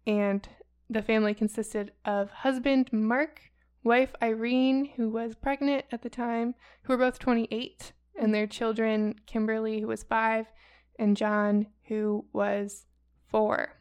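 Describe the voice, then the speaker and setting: A woman's voice: a little high, level tone, takes it slowly, a little mellow, smooth. A young woman co-hosting a true crime podcast, telling the story in a casual, chatty way with hesitations and laughs. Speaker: podcast co-host.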